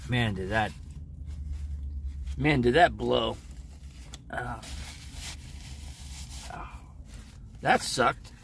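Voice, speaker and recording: A man's voice: medium pitch, very slow, gravelly, pauses often, fairly bright tone, slight background noise. A man with a stuffed-up nose, rambling casually to his viewers on a live stream about his day. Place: living in an RV.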